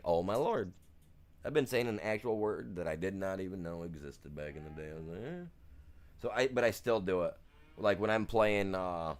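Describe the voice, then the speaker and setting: Deep-voiced american guy rambling on his game stream, telling stories and laughing at himself. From United States. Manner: rambling, storytelling, self-deprecating. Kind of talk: casual live-stream chat.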